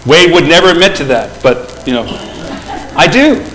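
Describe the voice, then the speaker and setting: A man's voice: fairly high pitch, big pitch swings, normal speed, a bit bright, poor audio. Conversational middle-aged man preaching a sermon. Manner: conversational, asks the congregation questions. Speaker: pastor. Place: church. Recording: faint background noise.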